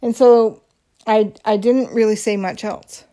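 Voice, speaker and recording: A woman's voice: on the high side, steady tone, unhurried, mellow. A woman hosting a podcast, telling a personal story in a candid, confiding way, with frequent ums and restarts. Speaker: podcast host.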